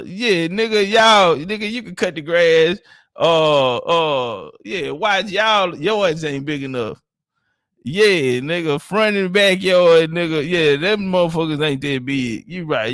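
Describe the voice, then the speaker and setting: A man from Texas hosts a livestream in a high-pitched, slightly bright voice, chatting casually with his viewers. His banter is joking, boastful and profane, captured in clean studio sound with no room echo.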